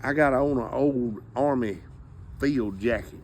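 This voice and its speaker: A man's voice: medium pitch, measured pace, darkish tone, a little hiss or hum. A man telling a comic hunting story in a drawling, folksy way. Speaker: storyteller comedian.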